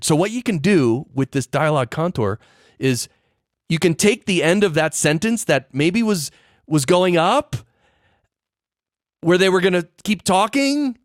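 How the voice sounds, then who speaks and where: A man's voice: mid-range voice, no room sound, clean studio sound. A man hosting a podcast, explaining things in a casual, chatty way with lots of fillers and restarts. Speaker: podcast host. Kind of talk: casual solo podcast talk.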